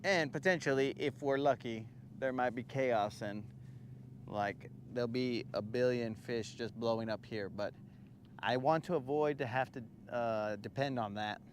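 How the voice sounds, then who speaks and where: Male fishing streamer, mid-pitched, laid-back and slangy, outdoor boat audio through a phone with light background noise. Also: measured pace. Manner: relaxed, talks to viewers and to the fish, slangy. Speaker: fishing livestream host. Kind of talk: casual live-stream chat while fishing. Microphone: phone camera on the boat.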